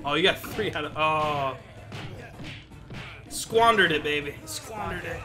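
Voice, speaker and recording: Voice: mid-range voice, unhurried, music in the background. A commentator in casual gaming chat, joking and laughing often. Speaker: game commentator.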